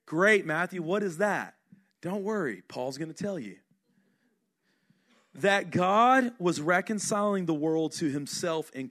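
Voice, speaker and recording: A middle-aged man, a senior pastor, preaching a sermon in an earnest, conversational way, asking the congregation questions and dropping his voice for quiet emphasis. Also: high voice.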